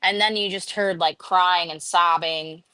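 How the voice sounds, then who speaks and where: Animated woman telling a story. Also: fairly low pitch, a little slow, smooth, no room sound. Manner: animated storyteller, acts out quotes in a raised voice. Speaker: live stream co-host. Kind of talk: casual chat.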